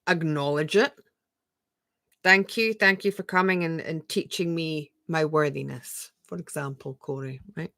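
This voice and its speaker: Bright-voiced woman coaching on a live stream. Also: sits low, measured pace, no echo. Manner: gentle, repetitive affirmations, rhetorical questions; reads viewer comments aloud and answers them. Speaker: spiritual coach.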